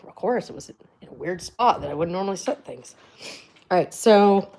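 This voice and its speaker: A woman's voice: lowish voice, darkish tone, a little hiss or hum, poor audio. A middle-aged American woman chatting casually on a live stream, rambling and swearing freely as she talks. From United States. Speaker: vlogger.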